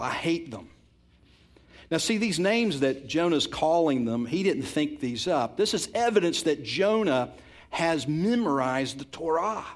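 A man preaching a sermon, moving from quiet, intimate passages to loud, emphatic ones, repeating words for stress. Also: fairly high pitch. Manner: repeats and restarts words when stressing a point. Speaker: pastor.

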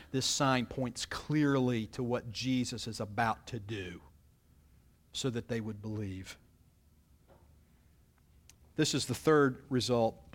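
A man preaching, reading scripture aloud and explaining it, often turning to the listeners with questions. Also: mid-range voice. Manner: expository, reads scripture then explains it; asks the congregation rhetorical questions. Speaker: pastor. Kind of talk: sermon.

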